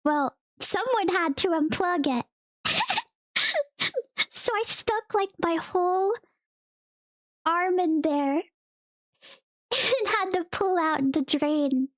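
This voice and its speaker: High-voiced giggly young woman streamer. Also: lively intonation, slow pace, pauses often, dry recording, studio quality. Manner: giggly, laughs often between sentences; rambling, storytelling with "like" and "okay?". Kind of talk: casual chat to viewers.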